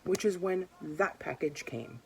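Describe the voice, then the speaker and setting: A woman's voice: lowish voice, lively intonation, measured pace, darkish tone, a little hiss or hum. A young adult woman from the United States ranting in an exasperated, emphatic way in a casual book vlog at home. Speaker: book vlogger.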